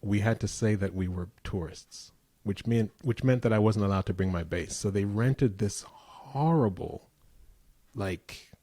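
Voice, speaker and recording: Brief: middle-aged man, lowish voice, dry close sound, relaxed storyteller. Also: a little slow, no room sound. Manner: relaxed anecdotal storyteller, easy laughter. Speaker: guest musician. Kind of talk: casual interview chat.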